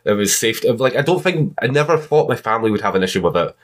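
A man's voice: on the low side, expressive, fast. A man co-hosting a podcast, talking frankly and easily in casual chat. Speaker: podcast co-host.

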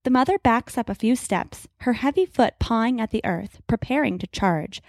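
A woman reads an adventure story aloud with vivid, dramatic pacing. Her voice sits a little high, and the recording is dry and close with no room sound. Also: animated, moderate pace, no echo. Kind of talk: scripted story narration.

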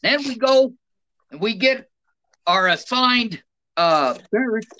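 A man's voice: very high-pitched, takes it slowly, dull audio. A middle-aged man, a retired soldier, telling plainspoken stories in a casual interview. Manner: animated, plainspoken anecdotes with laughs. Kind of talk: casual storytelling.

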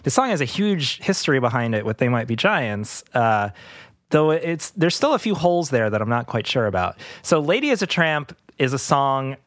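A man's voice: medium pitch, very animated, normal speed, fairly bright tone, no room sound, studio quality. A man hosting a casual podcast about music, rambling with frequent laughs and restarts. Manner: slips into goofy impressions. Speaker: podcast host.

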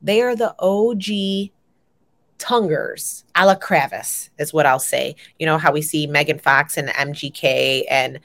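This podcast co-host is a young adult woman on a casual pop culture show, a lively storyteller who doesn't hold back on swearing. Excitement sends her voice shooting high. Her pace is measured and her voice has a creaky quality.

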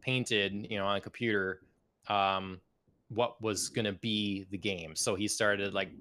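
A man co-hosting a gaming podcast, talking in a relaxed, rambling way with many fillers. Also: fairly low pitch, unhurried. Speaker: podcast co-host. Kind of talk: casual gaming chat.

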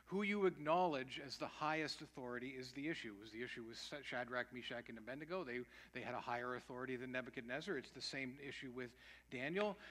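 A man's voice: mid-range voice, a bit bright. A man preaching a sermon, mixing emphatic points with rhetorical questions and casual asides. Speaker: pastor.

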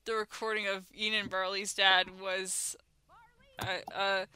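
A woman's voice: mid-range voice, flat delivery, a little slow, sharp tone, clear, resonant tone. A woman co-hosting a podcast in casual chat, rambling with lots of "like" and "um" and restarting her sentences. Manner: rambling, filler-heavy, many restarts. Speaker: podcast co-host.

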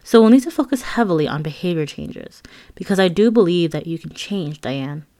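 A woman voicing a calm, reassuring therapist. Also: on the low side, a little fast, lightly acted.

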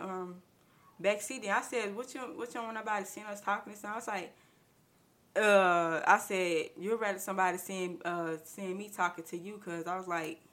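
Woman with aave going "i said, i said", bright lowish voice, chatty podcast storytelling. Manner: retells dialogue with many "I said" restarts, slangy. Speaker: podcast host. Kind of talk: casual storytelling.

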